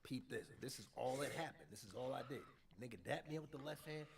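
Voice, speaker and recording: A man telling a story in casual chat on a gaming stream, animated and profane, full of street slang, acting out what people said. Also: mid-range voice, fast talker, creaky, far from the mic, a crowd in the background.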